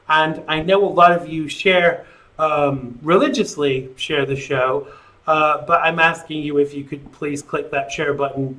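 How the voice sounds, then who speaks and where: A man's voice: on the high side, a bit bright. A man hosting a live call-in talk show, rambling casually and reading viewer comments aloud.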